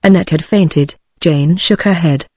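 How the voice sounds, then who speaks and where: A synthetic British English woman's voice reading a novel aloud in an even, machine-read delivery. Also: lowish voice, unhurried, no room sound, clean studio sound. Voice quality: flat, even text-to-speech delivery. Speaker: audiobook narrator. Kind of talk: synthesized audiobook narration.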